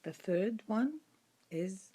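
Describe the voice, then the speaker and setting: Slow, patient woman teaching letters. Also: medium pitch, animated, dark tone, slightly rough. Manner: patient, repeats each sound several times. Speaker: Quran reading teacher. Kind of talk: slow step-by-step lesson.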